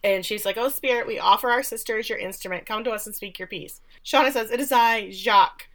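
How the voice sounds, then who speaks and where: A woman's voice: medium pitch, fast. A woman casually recapping a TV episode. She talks loosely, swears freely and briefly mimics characters when quoting them.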